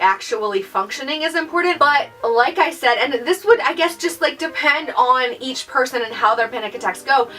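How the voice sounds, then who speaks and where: A young woman ranting in a casual vlog, exasperated and sarcastic, mocking others in high voices. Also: bright, forceful tone, far from the mic. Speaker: YouTuber.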